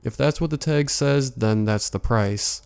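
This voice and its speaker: Mysterious teen girl, sweet but curt, low gravelly voice, read by a man. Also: normal speed, darkish tone, close to an everyday voice. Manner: sweet on the surface, curt underneath. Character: mysterious teenage girl, chipper yet guarded.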